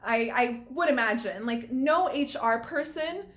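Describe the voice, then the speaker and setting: A young actress speaks straight to her viewers in a casual vlog, her voice sitting a little high. She is earnest and stirred up, laughing often as she makes her point. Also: lively intonation, measured pace, fairly bright tone. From California. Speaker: actress and acting vlogger. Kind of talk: casual vlog talk to camera.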